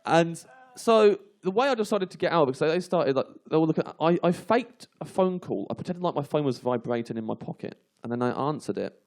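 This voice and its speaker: A male comedian telling an animated anecdote to a live audience on a comedy panel show, laughing through it. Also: on the high side, fairly quick, few pauses. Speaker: comedian guest.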